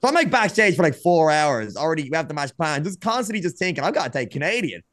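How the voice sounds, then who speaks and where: A man, a podcast guest telling wrestling stories in a casual, animated way, acting out quoted dialogue. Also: a little high, fast talker, no room sound, clean studio sound. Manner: animated, acts out quoted dialogue, frequent restarts. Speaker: podcast guest, former wrestler turned streamer. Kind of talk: casual storytelling chat.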